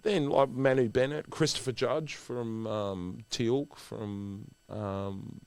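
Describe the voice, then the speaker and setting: A middle-aged man hosting a podcast in casual chat. He tells lively anecdotes and acts out the voices of the people in them. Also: medium pitch, slow pace, clear, resonant tone. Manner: animated storyteller who acts out the voices of the people in his stories. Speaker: podcast host.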